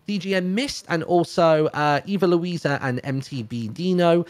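A man reading out a long list of donor names on a charity stream, brisk with many fillers. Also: on the high side, dry recording. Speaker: donation reader on a charity stream.

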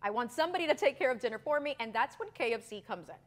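A woman's voice: fairly high pitch, expressive, racing. A middle-aged woman from Miami, a lifestyle expert chatting as a guest in an upbeat, bubbly promotional interview, repeating phrases for emphasis. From Miami, United States.

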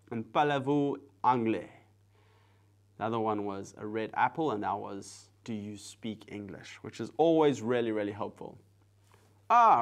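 Soft-spoken man chatting while drawing. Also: fairly low pitch. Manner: chatty, relaxed, talks to viewers as he works. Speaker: live-stream artist host. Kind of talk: casual chat while drawing live.

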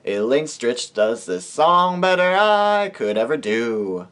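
A man chatting casually to camera in a rambling, self-mocking way. He talks at an unhurried, drawn-out pace, with a voice that sits in an ordinary middle register. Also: medium pitch, sing-song, a bit bright. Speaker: vlogger. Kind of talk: casual talk between sung snippets.

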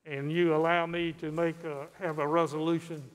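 Older guy senator talking folksy and slow, high smooth voice, big echoey chamber. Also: little pitch movement. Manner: folksy, unhurried, with restarts. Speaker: state senator. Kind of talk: formal floor speech. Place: large legislative chamber. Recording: echoey chamber, long reverb.

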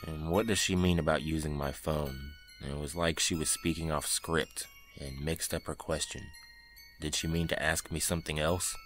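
A man's voice: extremely low pitch, a bit bright. A man narrating a scary first-person story in a tense, dramatic way. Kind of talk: scripted horror narration.

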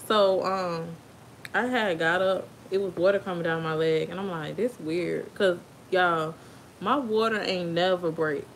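A woman's voice: fairly low pitch, steady tone, unhurried, a little hiss or hum. A young woman with an African American Vernacular English accent, telling a birth story in a chatty way and laughing often. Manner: chatty, laughs often, talks to kids off camera. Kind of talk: casual storytime.

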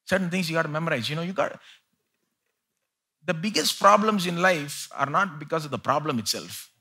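A male pastor preaching a live church sermon, swinging between loud pleading and quiet asides. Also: fairly high pitch, animated, fairly quick, breathy edge. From India.

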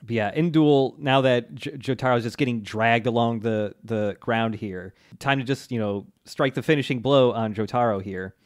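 A man's voice: medium pitch, normal speed, few pauses, no echo, clean studio sound. A man co-hosting a podcast, casually retelling an anime's plot with fillers and laughter. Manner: relaxed storytelling with fillers, laughs along. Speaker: podcast co-host. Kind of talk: casual chat recapping an anime.

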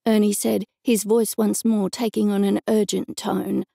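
An Australian woman giving an even first-person scripted narration of a cozy mystery audiobook. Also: mid-range voice, a little slow, creaky, few pauses, dry recording, clean studio sound.

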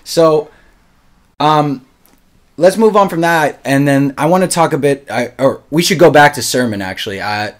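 Relaxed guy hosting a podcast, chatty, lots of dude and like. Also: fairly high pitch, moderate pace. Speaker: podcast host. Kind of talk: casual chat.

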